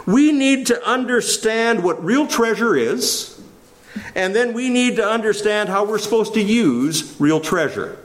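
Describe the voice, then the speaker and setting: A male pastor preaching a sermon, reading scripture with slowed emphasis and asking the congregation questions. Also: high-pitched. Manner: lively, varied delivery with slowed emphasis on scripture.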